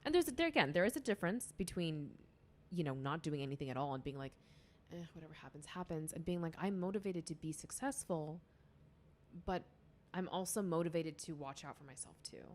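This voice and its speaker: Low-voiced young woman rambling casually. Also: animated, brisk. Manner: rambling, lots of "like" and restarts. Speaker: podcast guest, music student. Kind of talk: casual chat.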